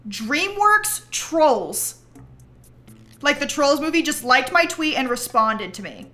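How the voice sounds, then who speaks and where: A woman's voice: high-pitched, slow pace. A young woman streaming a game from home, chatting casually and laughing often. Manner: giggly, excitable, laughs often. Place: home room.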